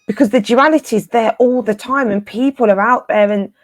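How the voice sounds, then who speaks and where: A woman's voice: on the high side, a little fast, no echo, faint music behind. A woman co-hosting a casual spiritual live chat, encouraging her listeners and often repeating phrases for emphasis in informal, slangy speech.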